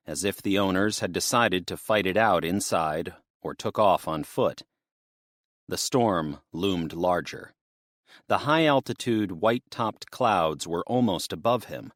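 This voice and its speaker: A man narrating an audiobook in a steady storytelling manner. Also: low voice, no echo, studio quality. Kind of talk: scripted narration.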